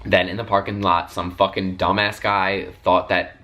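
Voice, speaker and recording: A man's voice: low voice, level tone, normal speed, bright, forceful tone. A young man telling a heated storytime vlog, talking animatedly, swearing constantly and filling his sentences with "like" and "literally". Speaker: vlogger.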